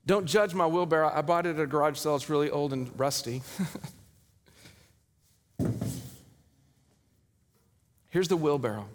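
A male pastor preaching a sermon, telling a story with dramatic swings between loud and hushed delivery. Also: on the high side, a little fast, background noise. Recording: hall reverb.

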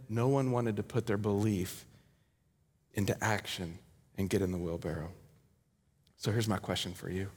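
A male pastor preaching a sermon, telling a story with dramatic swings between loud and hushed delivery. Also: on the low side. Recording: hall reverb.

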